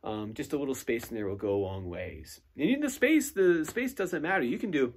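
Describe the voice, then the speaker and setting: Relaxed male guitar teacher, mid-pitched. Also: fairly quick. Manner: relaxed, filler-heavy, counts picking strokes aloud; hums and scats rhythms while demonstrating. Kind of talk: recorded lesson feedback to a student. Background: guitar playing between phrases.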